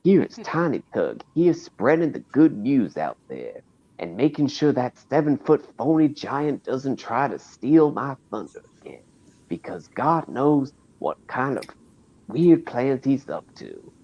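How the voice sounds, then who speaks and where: A man voicing a tiny, chipper male redneck doll with a put-on Southern accent, folksy, slow and creepy-cheerful. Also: mid-range voice, big pitch swings, gravelly, lo-fi sound, pitched above the performer's own voice, heavily acted. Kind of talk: improvised character voice on a stream.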